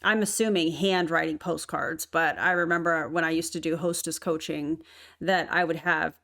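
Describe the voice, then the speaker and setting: A woman's voice: low-pitched, fairly even intonation, normal speed, gravelly, fairly bright tone. Incredulous woman commentator. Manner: incredulous, critical, sarcastic. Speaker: commentary host. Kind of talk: reaction commentary.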